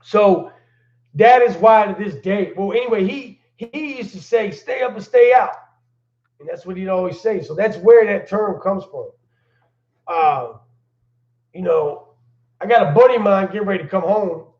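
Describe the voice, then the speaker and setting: A man's voice: high-pitched, moderate pace. A man hosting his own channel, telling stories casually in slang-heavy talk and laughing as he goes. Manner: laid-back slang-heavy storyteller, laughs while telling. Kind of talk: casual livestream storytelling. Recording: echoey room, dull lo-fi sound.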